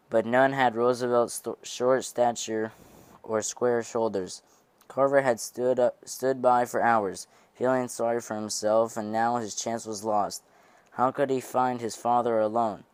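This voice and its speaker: A man's voice: medium pitch, clean tone, no echo. A man narrating an amateur audiobook, often stumbling over words and restarting them.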